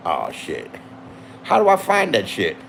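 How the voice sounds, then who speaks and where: A man's voice: medium pitch, wildly swooping pitch, measured pace, vocal fry, a bit bright, a little hiss or hum. Rambling, profane man in his sixties. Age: 60s. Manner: profane, reminiscing, loose and chatty. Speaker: vlogger. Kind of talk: casual rambling monologue. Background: music playing.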